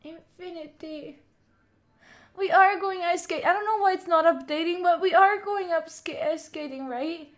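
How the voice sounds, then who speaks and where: A young woman, chatting excitedly with viewers on a live stream and thanking them by name. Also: very high-pitched, moderate pace, few pauses. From Italy. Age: young adult. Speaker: study streamer. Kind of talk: casual live-stream chat.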